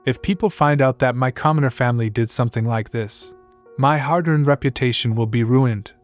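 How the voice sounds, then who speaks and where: A man's voice: mid-range voice, a little fast, lo-fi sound, soft background music, natural voice. A man voicing a proud young count anxious about his status, with a tense, fretful delivery in a storybook recap. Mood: worried.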